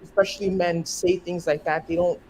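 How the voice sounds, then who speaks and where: A speaker with an American accent, giving a thoughtful, measured opinion in casual discussion and restarting words while thinking. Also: male voice, high voice, little pitch movement, darkish tone, slight background noise, low-quality recording.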